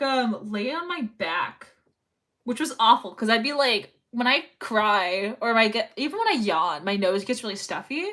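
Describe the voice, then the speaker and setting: A woman's voice: fairly high pitch, pushed and bright. A young woman chatting casually on a livestream while sewing, rambling and reading chat messages aloud. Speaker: live streamer.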